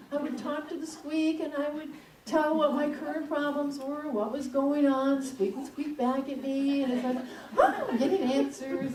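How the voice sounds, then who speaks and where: A woman delivers a sermon through a lively personal anecdote, chatty and expressive. Her voice sits a touch high. She sounds set back from the mic, with the room's echo around her. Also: slight background noise. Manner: storytelling, animated and conversational. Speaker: speaker at a spiritual center. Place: church hall. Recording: echoey room, mic at a distance.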